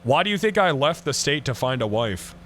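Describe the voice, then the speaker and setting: A man streaming a roleplay game in character, ranting excitably and swearing a lot. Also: mid-range voice, fairly quick, a little hiss or hum. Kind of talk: casual in-character roleplay chat.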